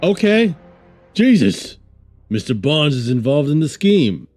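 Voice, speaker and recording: A man's voice: a little high, very animated, measured pace, darkish tone, soft background music. A man streaming a game, joking and rambling casually while reading game text aloud. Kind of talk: casual let's-play commentary.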